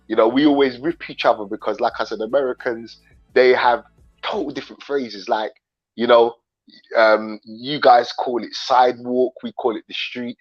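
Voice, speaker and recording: A man from England chatting casually as the host, telling animated stories and laughing often. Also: medium pitch. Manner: animated storyteller, mimics voices, laughs often. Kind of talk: casual chat on a livestream. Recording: dull lo-fi stream audio with faint music.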